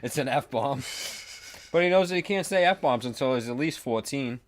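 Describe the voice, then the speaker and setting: A man with a mid-pitched voice co-hosting a live show in a relaxed, casual way. His humor is dry and he swears offhandedly. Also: normal speed. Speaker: podcast co-host. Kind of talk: casual profane chat.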